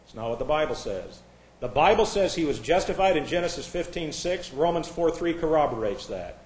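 A man with a fairly high voice delivers a sermon with a combative, sarcastic edge, animated and brisk. He swings between quiet, confiding asides and loud, mocking outbursts, and the room echo is noticeable.

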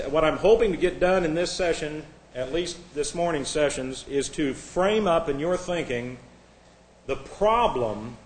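Higher-voiced man preaching a sermon. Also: a little hiss or hum. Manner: reads a list of jokes, chuckling, then teaches earnestly. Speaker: pastor. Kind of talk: sermon with joke reading, then Bible teaching.

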